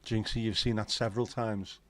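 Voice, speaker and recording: A man's voice: lowish voice, level tone, moderate pace, a bit bright, no echo. Crude, bantering man hosting a livestream. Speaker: livestream host. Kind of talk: casual chat reading viewer comments.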